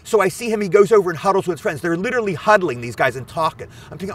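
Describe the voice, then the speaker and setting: A man's voice: high-pitched, very fast, few pauses, far from the mic. A man in his sixties, an actor guest eagerly telling anecdotes outdoors. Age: 60s. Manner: animated, eager storyteller. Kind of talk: anecdotal storytelling. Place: outdoors at a film location.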